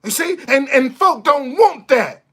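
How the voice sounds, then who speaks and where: A man's voice: very high-pitched, expressive, measured pace, a bit bright. Blunt, profane man ranting to camera. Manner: blunt, profane, repeats himself for emphasis; stammers and restarts when fired up. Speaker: vlogger. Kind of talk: impassioned monologue to camera.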